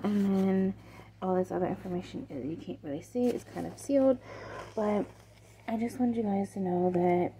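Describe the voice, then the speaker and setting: Woman vlogger, mellow voice, gushy and chatty, lots of ums, kinda hushed sometimes. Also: creaky, a little hiss or hum, low-quality recording. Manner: chatty and excitable, with many fillers; talks low and hushed at times. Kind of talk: casual role-play vlog.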